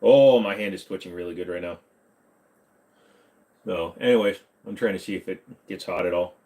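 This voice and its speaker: A man with a low, warm voice hosts a casual live stream from a desk microphone in his home computer room, moving at a moderate pace. He answers viewer questions with jokes and slips into a bad Southern accent.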